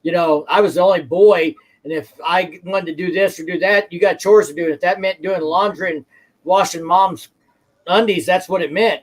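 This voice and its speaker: A man's voice: sits high, fairly even intonation, normal speed, rough recording. A man from the Ozarks, a motorcycle vlogger, chatting casually in a folksy, rambling way. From Ozarks, United States. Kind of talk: casual chat.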